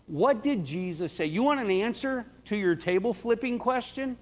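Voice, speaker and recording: Animated and moderately paced, a man preaches in an easy, conversational way in a church sanctuary, lifting his pitch as he acts out quotations. Reverb from the church hall is audible.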